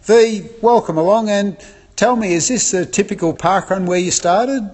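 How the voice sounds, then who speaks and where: A man roving around as a reporter, putting breezy questions to a guest. His voice sits a little high. A long reverb trails each line. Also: normal speed, a little mellow. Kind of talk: casual interview.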